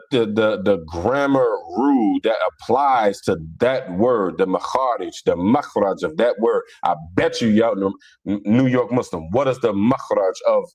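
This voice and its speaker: A man's voice: on the low side, darkish tone. A man from Cincinnati with a Cincinnati accent, an online preacher ranting bluntly in casual streetwise talk on a livestream. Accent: Cincinnati, African American Vernacular English. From Cincinnati, USA.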